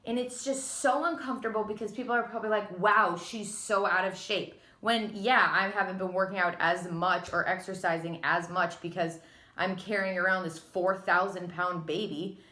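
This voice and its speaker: A woman's voice: mid-range voice, steady tone, normal speed, pushed and bright. A young pregnant woman in her twenties, out of breath, ranting in a dramatic, sarcastic casual vlog. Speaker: vlogger. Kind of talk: candid casual vlog rant. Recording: echoey room.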